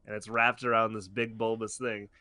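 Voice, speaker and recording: A man's voice: on the low side, little pitch movement, normal speed, pushed and bright, no echo. A man co-hosting a podcast, casually recapping a cartoon episode in a rambling, explaining way. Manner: rambling, restarts, detailed explainer. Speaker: podcast co-host.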